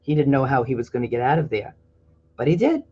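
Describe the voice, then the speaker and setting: A reader reading a picture book aloud, often pausing to chat about the pictures. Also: mid-range voice, very animated, warm tone, slightly rough, muffled recording. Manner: pauses to explain pictures in a chatty aside. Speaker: storybook reader.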